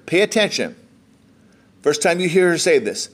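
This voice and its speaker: A man's voice: fairly high pitch, big pitch swings, normal speed, long pauses, breathy edge. An American man preaching a sermon, reading scripture aloud and explaining it in a conversational way. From United States. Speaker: pastor.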